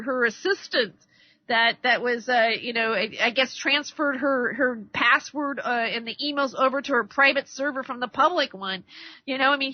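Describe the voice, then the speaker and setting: A high-pitched woman hosts a radio talk show and rants in a rambling, heated way. She stammers and restarts her sentences, then acts out both sides of an argument. The sound is dry and a little dull, like a lo-fi radio recording. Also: no room sound. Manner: acts out arguments by quoting others. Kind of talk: political rant monologue.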